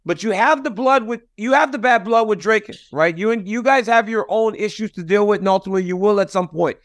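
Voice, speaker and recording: A man's voice: sits high, a little fast, a bit bright. A man hosting a casual interview, asking direct, leading questions. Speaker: host.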